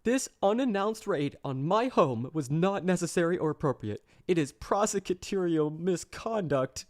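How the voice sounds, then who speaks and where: A man's voice: high-pitched, lively intonation, normal speed, voice pushed up. A man putting on a whiny, sobbing voice as a petulant older male ex-president in a livestream parody. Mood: whining. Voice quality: petulant, tearful whine.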